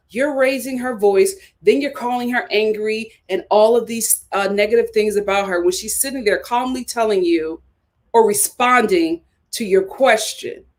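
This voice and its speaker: Woman ranting thru a reality tv recap, fired up, lots of "why would you do that", voice a bit high. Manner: animated, indignant, rhetorical questions. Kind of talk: live reality show review.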